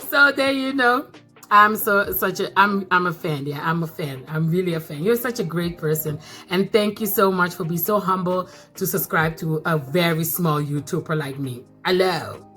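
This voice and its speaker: Excitable woman with a bright voice. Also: lowish voice, normal speed, faint music behind. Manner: excitable, repeats phrases, bursts of laughter. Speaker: mukbang vlogger. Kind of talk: casual chat to camera.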